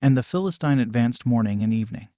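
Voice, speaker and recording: A man's voice: mid-range voice, no echo. Man reading scripture, dry and close. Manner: measured, even reading. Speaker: audiobook narrator.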